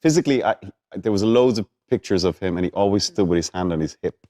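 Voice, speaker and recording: A man's voice: deep voice, fast talker, dark tone. A man in his forties with an Irish accent, talking casually and hesitantly with another actor, often repeating words. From Ireland. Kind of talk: casual conversation between actors.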